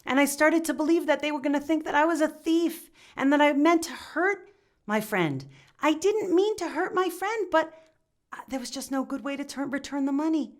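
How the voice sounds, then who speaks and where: Woman doing a young village man, guilt-ridden, confessional, stammers, high-ish. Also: animated, moderate pace. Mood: remorseful.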